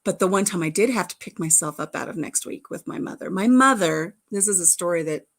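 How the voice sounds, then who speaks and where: A middle-aged woman with a voice on the low side hosts a casual livestream, brisk and animated. She chats and giggles through childhood stories sprinkled with playful innuendo.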